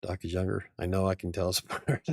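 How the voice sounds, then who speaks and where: Gravelly low-voiced man chatting casually. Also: moderate pace, darkish tone, dry recording, clean studio sound. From United States. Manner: rambling, self-deprecating, laughs often. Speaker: livestream host. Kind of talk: casual livestream chat.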